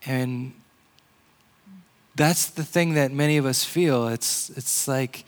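A man preaching a casual, conversational sermon in an animated way, full of "like" and "you know.". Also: medium pitch, slow pace, pauses often, clean tone. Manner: conversational, animated, uses "like" a lot.

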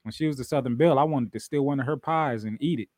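A man hosting a wrestling podcast, joking in a relaxed way and laughing often. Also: mid-range voice, brisk, no room sound, studio quality. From US West Coast. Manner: laid-back, joking, frequent laughs and restarts. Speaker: podcast host. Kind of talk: casual chat.

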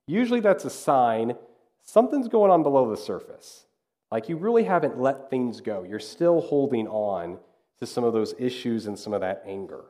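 A man delivers a sermon in a relaxed, chatty preaching style. His voice has a warm, mellow tone. He sits at an ordinary pitch for a man. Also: normal speed. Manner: conversational preaching with acted-out asides. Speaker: pastor.

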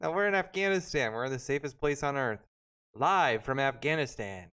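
A man's voice: mid-range voice, animated, normal speed, pushed and bright, smooth. A man chatting casually during a game stream, laid-back and rambling in his banter. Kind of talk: casual gaming chat.

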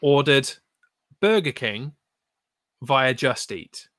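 A man telling a story on stream in a casual, animated way, with lots of swearing and mock outrage. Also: medium pitch, slow pace, dry recording, clean studio sound. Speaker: streamer co-host.

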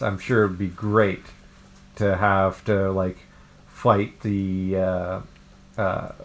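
A man with a lowish voice chats loosely on a podcast, rambling through his thoughts with plenty of ums and you-knows. He laughs often and rolls along with the silly ideas. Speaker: podcast co-host. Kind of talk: casual chat. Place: living in Japan.

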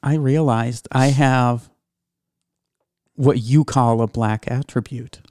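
A laid-back man co-hosts a casual radio talk show, teasing his partner. He speaks very slowly, and his voice sounds close and dry with no room around it. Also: mid-range voice, fairly even intonation, a little mellow, no room sound. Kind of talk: casual podcast chat.

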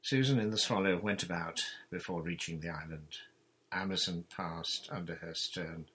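Male audiobook narrator, steady and measured, lowish voice with a husky edge. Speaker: audiobook reader. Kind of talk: storybook narration.

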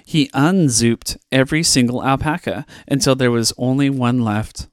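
A man's voice: mid-range voice, dry recording, clean studio sound. Playful man reading a kids' storybook. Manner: expressive, playful reading with dramatic pauses. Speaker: podcast host reading children's books. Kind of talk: storybook read-aloud.

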